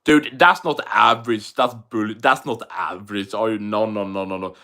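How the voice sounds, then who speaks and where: A man's voice: fairly low pitch, normal speed, sharp tone. A Swedish man with a Swedish English accent, chatting casually and profanely on an MMA livestream while reading chat aloud. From Sweden.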